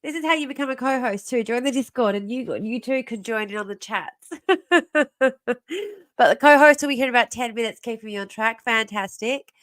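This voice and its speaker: A woman's voice: a little high, quick pace, few pauses, a bit bright. A woman in her thirties hosting a casual livestream from home, rambling and self-interrupting, often laughing to herself. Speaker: livestream host.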